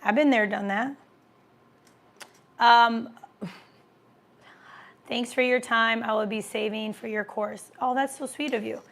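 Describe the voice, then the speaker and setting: A woman's voice: a little high, steady tone, slow, vocal fry, long pauses, a bit bright. A woman hosting a casual livestream, chatting as she answers viewer comments and eats. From American Midwest. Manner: chatty, reads comments aloud, talks while eating.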